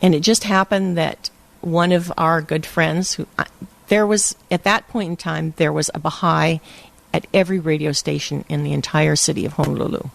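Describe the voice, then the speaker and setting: An older woman from Hawaii telling lively stories in a casual interview and laughing often. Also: low voice, moderate pace, gravelly. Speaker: interview guest. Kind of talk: casual storytelling.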